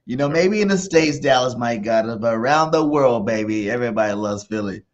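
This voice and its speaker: A man hosts a casual sports talk podcast, his voice at a middle pitch with lively swings. He talks in an excitable way and hypes up the show. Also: fairly quick, highs cut off. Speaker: podcast host.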